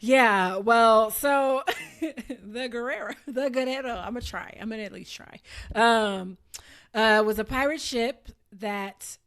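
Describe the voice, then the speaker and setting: A woman's voice: a little high, slow, a bit bright, clear, resonant tone. An American woman co-hosting a book podcast, chatting casually and laughing often as she recaps the story. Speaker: podcast co-host.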